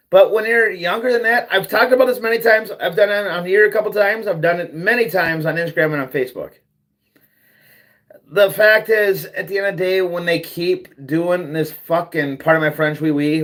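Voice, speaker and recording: A man's voice: high-pitched, a bit bright. A man hosting a livestream, ranting bluntly and profanely, repeating himself as he goes. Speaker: livestream host. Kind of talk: ranting monologue.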